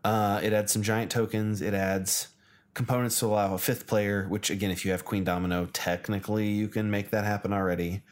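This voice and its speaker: A man from the United States, co-hosting a casual chat, chatty and quick to laugh. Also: lowish voice, flat delivery. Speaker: co-host.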